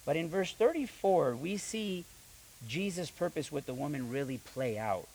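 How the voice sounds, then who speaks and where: Animated young male preacher, slightly high voice. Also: moderate pace, slight background noise, low-quality recording. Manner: animated, mimics voices in quotes, repeats words. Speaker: pastor. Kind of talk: sermon.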